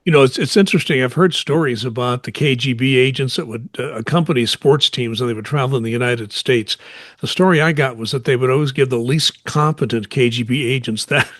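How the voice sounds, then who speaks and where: Male former radio host, mid pitch, dry close sound, casual chat full of stories. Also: fairly quick, a bit bright, no echo.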